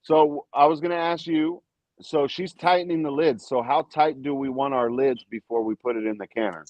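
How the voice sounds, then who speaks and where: A man's voice: medium pitch, steady tone, normal speed. Joking man hosting a lo-fi stream. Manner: joking, laughing banter. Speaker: livestream host. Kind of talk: casual livestream chat. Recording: dull lo-fi sound with faint hiss.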